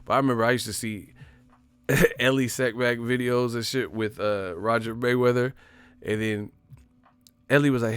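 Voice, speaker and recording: Man, casual boxing talk, animated storyteller, dry close sound. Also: medium pitch, normal speed, pauses often, clear, resonant tone, no echo. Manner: animated storytelling, acts out quotes, laughs often. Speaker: boxing commentary host.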